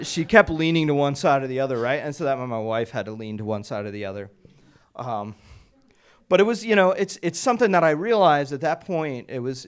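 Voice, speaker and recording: A man telling a personal story at a live storytelling night, conversational and wry, with a humorous edge. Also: a little high. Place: small live event stage.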